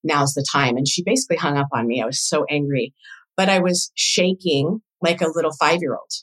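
Low-voiced woman, emotional storyteller. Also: brisk, poor audio. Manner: emotional, animated retelling with quoted dialogue. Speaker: podcast guest, doula coach. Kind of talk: casual interview storytelling.

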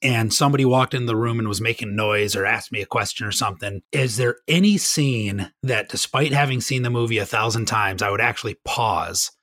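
A man's voice: lowish voice, brisk, hardly any pauses, a bit bright, dry recording, clean studio sound. A man guesting on a podcast, telling stories in casual chat with rambling enthusiasm and frequent laughs.

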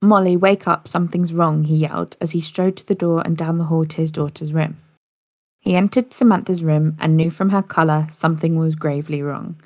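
A woman's voice: deep voice, fairly even intonation, brisk, dark tone, no echo, studio quality. A woman narrating a story in a casual podcast style, with occasional slips and restarts.

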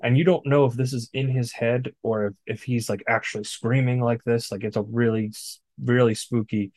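A man's voice: medium pitch, fairly even intonation, moderate pace, darkish tone, dry recording. A man co-hosting a podcast, recapping a film in casual chat, blunt and profane. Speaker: podcast co-host. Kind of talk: casual movie discussion.

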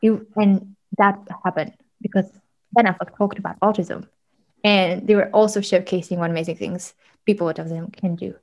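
A woman working in media, a guest telling animated stories with frequent laughs and fillers in a casual interview. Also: on the low side, normal speed, low-quality recording. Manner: animated storyteller, laughs often, many fillers.

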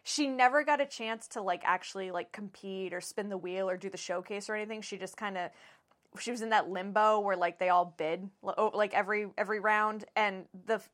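A woman in her thirties co-hosting a casual podcast, animated and blunt, swearing and laughing often. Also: mid-range voice, fairly quick. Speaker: podcast co-host. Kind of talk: casual chat.

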